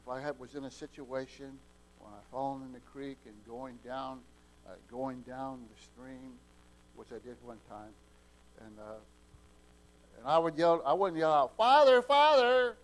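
A man preaching a sermon in a folksy, homespun way, often restarting and repeating words and swinging from soft asides to loud, emphatic peaks. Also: medium pitch, normal speed, slight background noise, low-quality recording.

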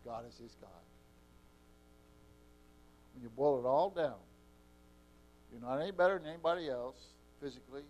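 A man preaching a sermon with impassioned delivery, his loudness swinging between soft and strong. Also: medium pitch, normal speed, pauses often, lo-fi sound, a little hiss or hum. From Eastern Oregon.

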